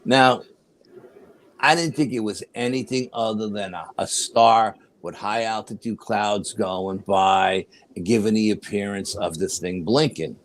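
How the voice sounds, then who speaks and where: A man's voice: on the low side, measured pace, slight background noise. An older man telling a paranormal story as an interview guest, acting out the dialogue as he goes. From New York. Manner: animated storyteller, acts out quoted dialogue.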